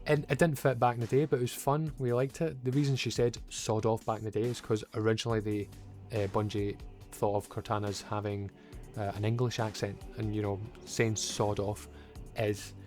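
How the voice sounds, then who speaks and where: A man's voice: on the low side, darkish tone. A young man giving a casual, rambling, opinionated video game review and swearing now and then.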